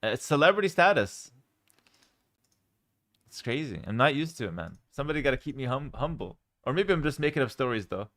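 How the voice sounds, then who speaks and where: A young man from Canada chats casually with his livestream audience from home. He rambles as he reads out questions and answers them, filling pauses with ums and repeated words. His voice sits at an ordinary middle pitch for a man. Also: big pitch swings, a bit bright. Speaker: streamer answering chat.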